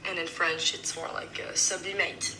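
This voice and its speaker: A woman's voice: fairly low pitch, steady tone, moderate pace, very noisy. A woman explaining pronunciation casually and thoughtfully, hedging often. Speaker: actress in interview.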